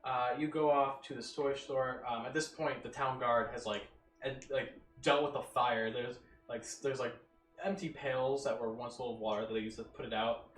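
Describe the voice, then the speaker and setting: A man's voice: mid-range voice, fairly even intonation, moderate pace, fairly bright tone, far from the mic. A man narrating as game master, hesitant with many fillers, recorded off-mic in an echoey room with music behind. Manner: hesitant, many ums and likes.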